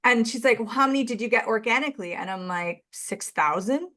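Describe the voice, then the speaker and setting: A woman's voice: on the high side, quick pace, bright, forceful tone. A woman from Canada talking as a guest on a podcast, chatty and acting out bits of dialogue as she goes. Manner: chatty, acts out quoted dialogue, laughs often. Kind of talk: casual chat.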